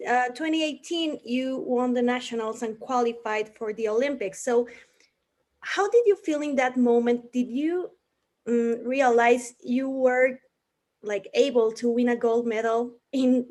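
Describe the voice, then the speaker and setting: Enthusiastic and admiring, this interview host frequently trips over her words and leans on fillers in a casual chat. Her voice is on the high side, a little mellow, and unhurried.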